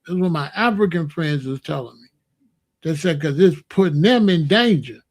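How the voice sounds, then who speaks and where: A man's voice: on the high side, lively intonation, moderate pace. A man delivering an emphatic, repetitive rant as a monologue, drawing out words for emphasis. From Chicago. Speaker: commentator. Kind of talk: ranting monologue to camera.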